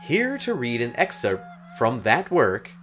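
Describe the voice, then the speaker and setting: Man, radio host, drawn-out delivery, lively pitch, put-upon, guitar music in background. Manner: slow, put-upon and forcedly cheerful. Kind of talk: mock public radio hosting.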